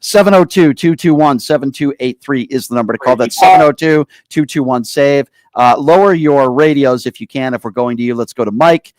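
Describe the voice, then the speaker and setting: A man's voice: mid-range voice, a little fast, few pauses, darkish tone, no echo, studio quality. A man hosting a call-in talk radio show, speaking emphatically and indignantly to callers.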